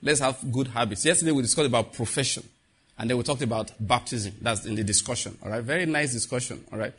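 A man preaching a sermon in a church, lively and conversational, asking the congregation questions. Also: mid-range voice, fast, slightly rough. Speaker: pastor.

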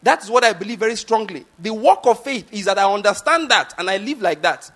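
A man's voice: sits high, lively intonation, brisk, fairly bright tone. A Nigerian man in his fifties preaching a sermon, emphatic and repetitive, often asking the congregation if they follow. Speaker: pastor.

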